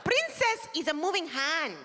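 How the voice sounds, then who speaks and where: A woman's voice: very high voice, sing-song, moderate pace, noisy background. A middle-aged woman from Canada performing a stand-up comedy set, chatty and self-deprecating, acting out characters. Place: performing arts center stage. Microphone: stage microphone. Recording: live theater with long reverb.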